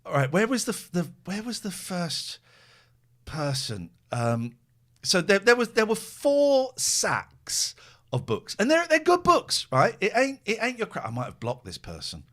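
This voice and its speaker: With a high voice and a slightly slow pace, this podcast host wanders through anecdotes in casual chat. He acts out quoted conversations in different voices, playing both parties, and keeps stopping to restart or fix what he's saying.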